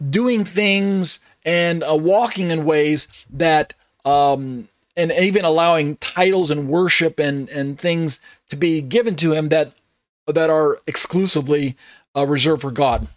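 A man's voice: a little high, no echo, studio quality. A man giving an earnest Bible teaching, emphatic and repeating himself, with many fillers.

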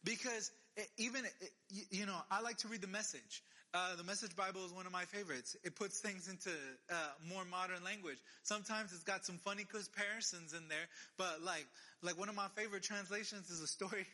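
Bright, high-voiced man preaching casually. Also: a little fast. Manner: conversational, emphatic repetitions, animated. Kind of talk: casual sermon.

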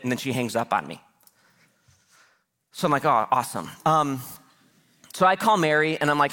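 A man's voice: mid-range voice, fairly quick, a bit bright. A man, the pastor, telling a personal story during a church sermon, quoting the people in it himself. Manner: anecdotal, quotes others in his own voice.

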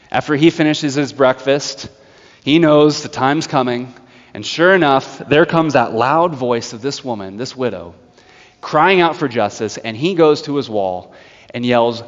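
A man preaching a sermon, telling a story in a lively way with laughs and acted-out voices. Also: medium pitch. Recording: dull sound with long hall reverb.

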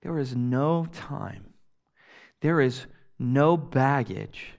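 A young man preaching a sermon with earnest emphasis, rising loud on key phrases and dropping to a hush on others. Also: mid-range voice, animated, extremely slow, vocal fry. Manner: earnest preaching, swings between loud emphasis and soft hushed lines. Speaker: pastor.

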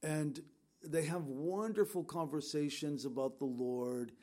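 A man's voice: fairly high pitch, measured pace, a little mellow. A middle-aged man pastor speaking to his congregation in a conversational, storytelling way, with fillers and restarts. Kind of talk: sermon.

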